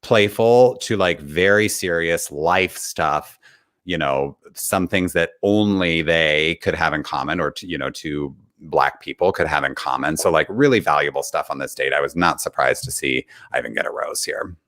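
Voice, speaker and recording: A man co-hosting a casual reality-show recap chat, relaxed and chatty, laughing often. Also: a bass voice, normal speed, no echo, studio quality. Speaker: co-host.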